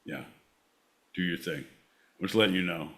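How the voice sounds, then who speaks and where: A man's voice: deep voice, normal speed, bright, forceful tone, rough recording. A man co-hosting a podcast, hyping up his co-host like a showman in casual banter.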